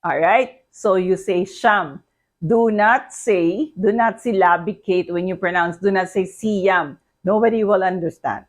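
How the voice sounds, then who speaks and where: A woman's voice: medium pitch, normal speed, few pauses. A woman with a Filipino accent teaching a language lesson, patiently repeating each word and asking the listener to say it back. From Philippines.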